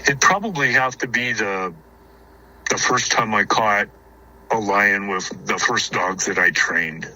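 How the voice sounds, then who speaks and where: A man's voice: lowish voice, measured pace, bright, forceful tone, a little hiss or hum, poor audio. A man, a guest on a show, telling hunting stories in a rambling way, repeating words and chuckling. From Arizona. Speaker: guest, houndsman. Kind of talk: casual storytelling.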